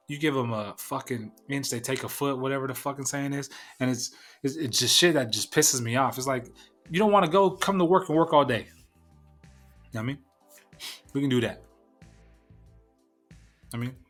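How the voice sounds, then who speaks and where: A young man hosts his own podcast alone, ranting in a blunt and profane way. His voice sits in a middle pitch. Faint music plays quietly underneath him. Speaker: podcast host. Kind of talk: casual solo podcast rant.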